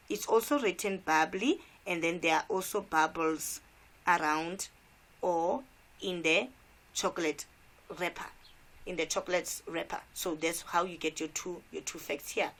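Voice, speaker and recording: Woman, South African accent, teacher, instructive revision lesson, lowish voice. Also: steady tone, a little slow, fairly bright tone. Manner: instructive, asks rhetorical questions, repeats key points.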